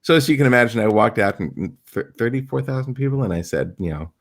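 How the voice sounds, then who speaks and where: A middle-aged man, a stage illusionist, telling animated anecdotes in a podcast interview and acting out the people he quotes. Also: medium pitch, fast talker, vocal fry.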